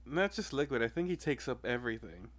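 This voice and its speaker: A man chatting casually as a podcast co-host, recapping a comic chapter, loose and quick to laugh. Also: mid-range voice, very animated, a bit bright, no room sound. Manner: laughs often, loose, full of fillers.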